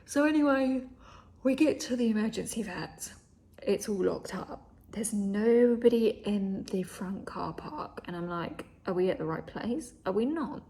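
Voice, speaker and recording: A woman's voice: medium pitch, animated, measured pace, warm tone. A young woman casually telling a story, swearing freely and acting out what people said, often dropping to a whisper. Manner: chatty, swears, acts out quoted dialogue, often drops to a whisper. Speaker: vlogger.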